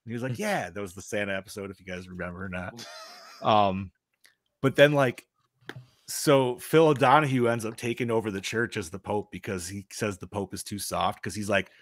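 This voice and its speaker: Talking fairly quickly in a lowish voice, another podcast co-host spins a story in relaxed conversation, full of profanity and "dude," voicing each character's lines with animation. The audio is studio quality with no echo.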